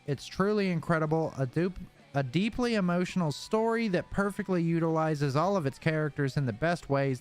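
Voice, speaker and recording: A man co-hosting a pop-culture podcast, chatting casually, joking and swearing with a laugh. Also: on the high side. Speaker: podcast co-host. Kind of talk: casual chat.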